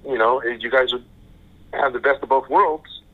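An older man, a father, telling his story as a guest in a casual interview, soft-spoken and halting, repeating his words. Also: mid-range voice. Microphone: phone call. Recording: tinny phone line.

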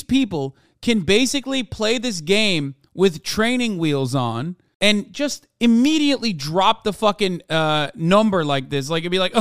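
A man's voice: sits high, very animated, measured pace, hardly any pauses, a bit bright, smooth, no echo, clean studio sound. A man hosting a political stream, reacting to clips with profane, mocking rants. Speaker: streamer host. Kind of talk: casual political commentary.

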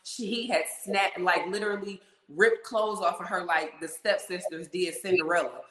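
Animated woman storyteller in an echoey room. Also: fairly low pitch, moderate pace. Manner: animated, acts out quoted voices, swears. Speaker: podcast guest. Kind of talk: casual storytelling chat. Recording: roomy echo.

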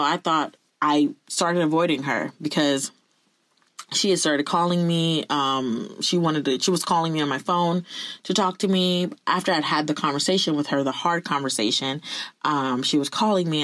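A woman's voice: sits low, no echo. A woman telling a personal story to her viewers in an earnest, confessional way. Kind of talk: candid personal storytelling to camera.

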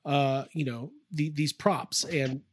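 A man co-hosting a casual podcast from his toy room, rambling and excitable with many fillers. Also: a little high, takes it slowly, no room sound, studio quality. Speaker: podcast co-host. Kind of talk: casual chat.

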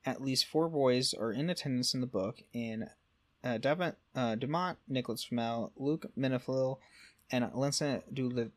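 A man's voice: medium pitch, moderate pace. A man co-hosting a casual podcast, reading through lore notes with frequent fillers and self-corrections. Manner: reads notes with frequent fillers and self-corrections, stumbles over French words. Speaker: podcast co-host.

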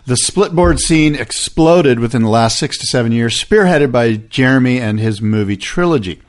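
A man's voice: mid-range voice, expressive, moderate pace. An easygoing man co-hosting a podcast, chatting loosely with his partner. He reads listener emails aloud and pokes fun at himself along the way. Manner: self-deprecating, easygoing. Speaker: podcast co-host. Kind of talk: casual chat, reading listener emails.

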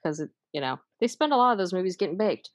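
A woman, hosting a podcast, chatting casually and recapping an episode, enthusiastic and quick to swear and laugh. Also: fairly low pitch, animated, no room sound. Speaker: podcast host.

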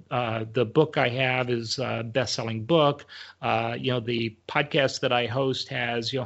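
A male guest with a gravelly, creaky voice speaks in halting phrases. The recording sounds muffled and lo-fi. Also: medium pitch, fairly bright tone. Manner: halting, many fillers. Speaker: guest, author and podcast host. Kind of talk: conversational interview. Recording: dull lo-fi recording.

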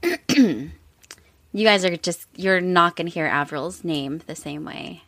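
A woman's voice: on the low side, a little slow, a bit bright. A woman co-hosting a casual chat show, telling stories at an easy pace, often laughing and trailing off into fillers. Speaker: podcast co-host.

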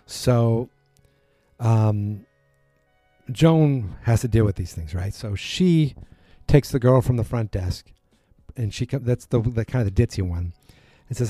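A man's voice: mid-range voice, measured pace, no room sound, faint music behind. A man casually recapping a TV episode, rambling and correcting himself as he acts out bits of dialogue. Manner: rambling, self-correcting, animated quotes.

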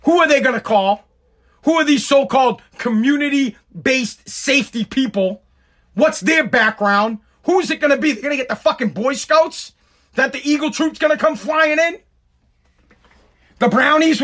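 A man's voice: extremely high pitch, normal speed, fairly bright tone. A man with a tired, worn voice giving a profane, rambling, sarcastic casual monologue. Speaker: content creator.

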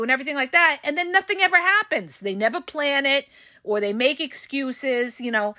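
A high-pitched woman talks straight at her listeners with frank, emphatic advice, swearing freely and hammering her points home. Her voice is wearing hoarse, and the recording is dry and close with no room sound. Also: moderate pace, sharp tone, no room sound. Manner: frank, profane, emphatic, addresses listeners as "you guys". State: losing her voice. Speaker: podcast host and relationship coach. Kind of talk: blunt advice monologue.

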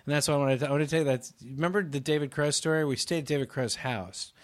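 A man casually telling a lively comedy-club road story to a friend, acting out the voices of the people in it. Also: a little high, fast talker. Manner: animated storyteller, acts out quoted voices.

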